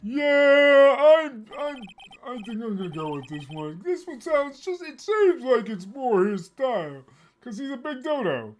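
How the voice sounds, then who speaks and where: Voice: medium pitch, sing-song, moderate pace, darkish tone. A let's-play gamer narrating a courtroom game and adding joking asides between voiced lines. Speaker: let's play gamer reading the story aloud. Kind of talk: casual game dub and narration.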